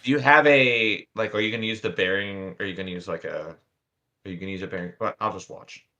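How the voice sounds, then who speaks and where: A man's voice: low-pitched, quick pace, pushed and bright. A man as guest co-host on a stream, easygoing and joking, with lots of "like" fillers. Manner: easygoing, joking, says "like" often. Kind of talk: casual live-stream chat.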